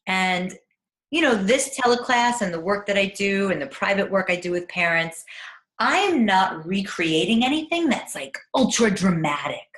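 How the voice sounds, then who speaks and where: A woman parenting coach giving a teleclass, speaking in a gentle, encouraging way. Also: mid-range voice, animated, moderate pace. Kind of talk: teleclass talk. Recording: echoey room.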